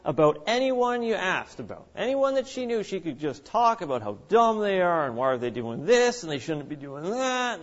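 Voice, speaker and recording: A man preaching a sermon in an animated way, acting out the voices of the people he quotes. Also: high voice, moderate pace. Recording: dull lo-fi recording.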